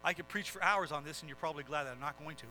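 A man's voice: fairly high pitch, rapid-fire, sharp tone, soft background music, poor audio. A man preaching a sermon, earnest and direct, building into dramatic storytelling. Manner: earnest, swelling into dramatic retelling.

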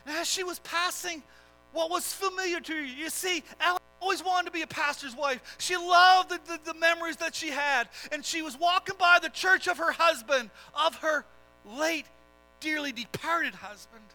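A preacher with a strikingly high, bright voice tells a dramatic sermon story. He drives it with impassioned, swelling emphasis, and soft music plays faintly underneath. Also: normal speed, rough recording.

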